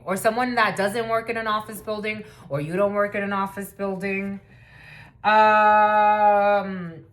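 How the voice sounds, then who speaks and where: Woman, 30s, reader. Blunt, profane, chatty, laughs to herself, mid-pitched voice. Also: a bit bright. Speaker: spiritual reader. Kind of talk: casual channeled reading.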